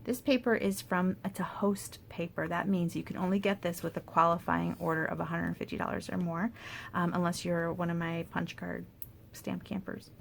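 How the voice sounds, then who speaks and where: Chatty low gravelly woman crafter. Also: steady tone, moderate pace, slight background noise. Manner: chatty, thinking aloud, soft asides under her breath. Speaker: paper craft demonstrator. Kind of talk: casual craft tutorial.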